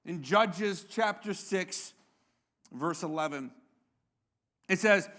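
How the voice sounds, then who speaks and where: A man's voice: high voice, moderate pace, pushed and bright. A male pastor preaching a sermon in a conversational way, with joking asides and frequent restarts.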